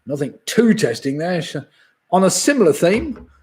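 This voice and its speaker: A man's voice: high-pitched, sing-song, moderate pace, darkish tone. Chuckling man in his sixties hosting a quiz. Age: 60s. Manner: reads each question twice, chuckles at his own jokes. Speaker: pub quiz host. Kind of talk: live online pub quiz.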